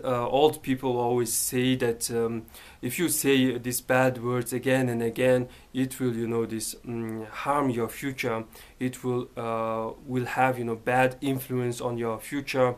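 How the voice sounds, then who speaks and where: A man speaks in a slow, unhurried way, his pitch sitting in an ordinary middle range. He talks casually to camera from his bedroom, halting often and filling gaps with "uh" and "you know". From Mongolia. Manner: hesitant, halting, full of fillers. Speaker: vlogger.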